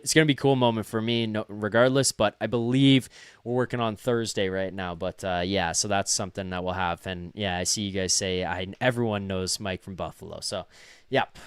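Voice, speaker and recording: A man's voice: lowish voice, smooth, no echo. A young man hosting a live hockey call-in stream, talking casually and rambling with fillers and self-deprecating asides. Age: young adult. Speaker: host of a hockey postgame call-in show.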